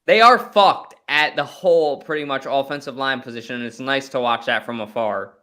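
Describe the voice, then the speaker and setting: A man co-hosting a sports podcast, talking casually and thinking out loud with hedges and asides. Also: mid-range voice, normal speed. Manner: rambling, hedging, thinks out loud. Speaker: podcast co-host.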